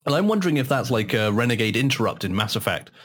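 A man's voice: mid-range voice, very animated, fast talker. Chatty man co-hosting a podcast. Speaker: podcast co-host. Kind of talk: casual chat. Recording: audio taken from a live stream.

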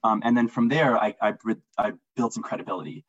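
A man's voice: on the low side, brisk, husky, dull audio. A man answering interview questions in casual, enthusiastic talk, often repeating words as he gets going. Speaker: interview guest, marketing analyst.

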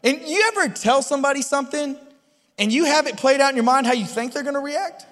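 A man delivers a sermon in a loose, conversational way, stopping to check that his listeners follow. His voice sits very high for a man. The sound rings with the long reverb of a large hall. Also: fast, fairly bright tone. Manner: conversational, storytelling, asks the crowd often. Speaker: pastor.

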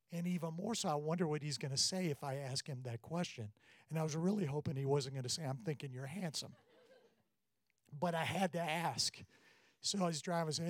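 A man's voice: fairly high pitch, no room sound. Man telling family stories in a sermon. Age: middle-aged. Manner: storytelling, animated when quoting. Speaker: pastor.

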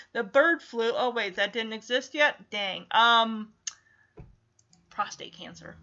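A woman's voice: high-pitched, sharp tone. A woman giving casual, sarcastic running commentary while watching a film, laughing often. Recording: slightly dull lo-fi audio.

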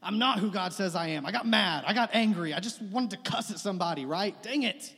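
This young man's sermon is conversational, self-deprecating and built on repeated phrases, delivered in a church sanctuary with long reverb. As a pastor he speaks fairly quickly in a high-pitched, gravelly voice that's a bit bright with a breathy edge.

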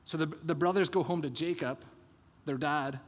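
Pastor, male, slightly high voice, animated storytelling sermon, long church reverb. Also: moderate pace. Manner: animated storytelling with acted-out quotes. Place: church sanctuary.

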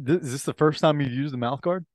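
Guy co-hosting, tossing in quick jokes and questions, dry close mic. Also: on the high side, a little mellow, dry recording. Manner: quick interjections and teasing questions. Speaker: podcast co-host. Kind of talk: casual chat.

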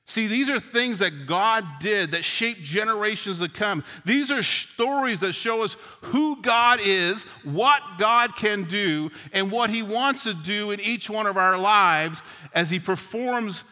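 A middle-aged man from Newfoundland delivers a sermon with earnest conviction and easy storytelling asides. His voice is bright and forceful and sits slightly high for a man. It rings out with a long hall reverb from a church sanctuary. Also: lively intonation, a little slow. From Newfoundland, Canada. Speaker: pastor.

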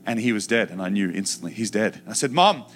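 Low-voiced man preaching his testimony. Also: quick pace. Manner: emotional storytelling, acts out shouted childhood quotes. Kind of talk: personal testimony sermon.

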